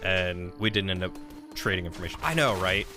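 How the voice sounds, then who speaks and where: A man streaming a game and chatting casually, telling an animated story. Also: fairly quick, music in the background. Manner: animated storytelling, rising pitch when quoting an argument. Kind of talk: casual gameplay stream chat.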